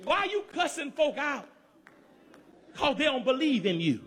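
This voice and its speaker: A man's voice: moderate pace, big-room sound, some chatter behind. A man with a Southern accent, from Georgia, preaching a sermon in a rhythmic, repetitive cadence and calling out to the congregation. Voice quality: high, lively voice, often shouting.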